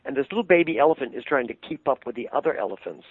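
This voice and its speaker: An older man, a puppeteer, telling animated anecdotes in an interview and laughing easily. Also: mid-range voice, rapid-fire, slightly rough, no room sound. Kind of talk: interview storytelling. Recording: tinny phone-line sound, dry.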